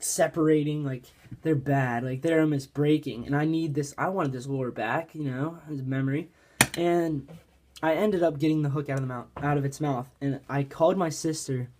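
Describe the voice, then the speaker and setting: A man's voice: a little high, a little mellow. A man from Pennsylvania telling a fishing story in a casual, rambling way, saying "like" constantly. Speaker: fishing vlogger.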